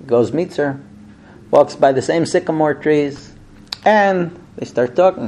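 A man's voice: a little high, slow pace, pauses often. A man teaching a small group about marriage, telling a story and acting out husband and wife in turn. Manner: animated storyteller acting out both spouses. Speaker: speaker giving a class on marriage. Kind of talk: lively talk to a small group.

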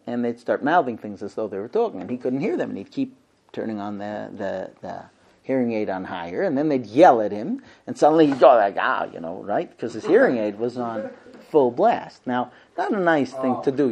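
Animated male lecturer, lively pitch. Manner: animated, acts out dialogues, rhetorical questions. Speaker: rabbi lecturing on marriage.

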